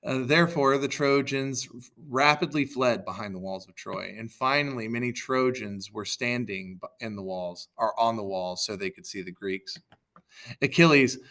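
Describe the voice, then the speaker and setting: A man reads a story aloud in a relaxed, unpolished way. His voice is bright, and he stops to fix slips and toss in quick asides. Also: mid-range voice. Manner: reads with self-corrections and asides. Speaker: reader. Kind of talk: casual storybook reading aloud.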